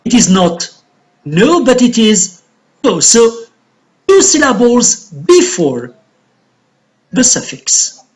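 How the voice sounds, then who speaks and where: A woman with an Algerian accent teaching a recorded English pronunciation lesson, speaking deliberately and repeating words for drilling. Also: fairly high pitch, very animated, a little mellow.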